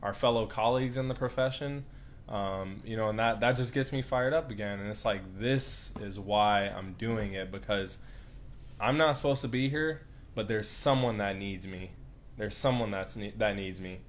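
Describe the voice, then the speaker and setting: A man's voice: on the low side, moderate pace, slight background noise. A man who works as a physical therapist, telling a personal story earnestly and reflectively as a guest in a live interview.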